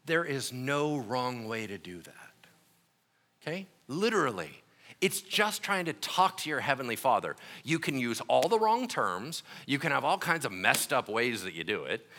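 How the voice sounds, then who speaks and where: Animated, bright-voiced preacher. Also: male voice, medium pitch, normal speed. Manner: animated, joking storyteller. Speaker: pastor. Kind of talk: sermon.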